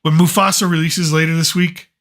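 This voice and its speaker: A man's voice: on the high side, flat delivery, a little fast, fairly bright tone. A middle-aged man hosting a casual chat, rambling and opinionated with plenty of fillers. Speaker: podcast host, father.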